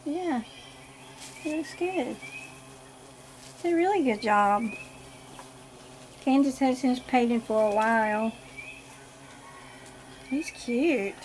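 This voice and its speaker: A woman's voice: high-pitched, slow pace, pauses often, slight background noise. A woman vlogger unboxing a doll at home, gushing and giggling as she talks to viewers. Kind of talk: casual unboxing vlog. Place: home nursery. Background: birds chirping.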